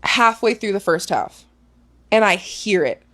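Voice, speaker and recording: A young woman telling a personal story in casual talk, full of "like" and fillers and heavy with feeling. Her voice sits at an ordinary middle pitch. It is recorded close and dry, with no room sound. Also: lively intonation, measured pace, fairly bright tone, no echo. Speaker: guest.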